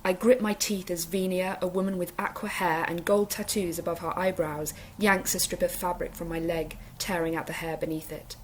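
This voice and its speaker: A woman teacher reading a novel aloud in a steady, expressive storybook manner. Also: fairly low pitch, normal speed, hardly any pauses, a little hiss or hum, poor audio.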